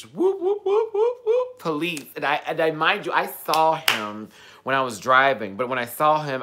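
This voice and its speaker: A man telling a story as a casual vlog rant, sassy and profane, swinging from loud outbursts to low muttered asides. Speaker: vlogger.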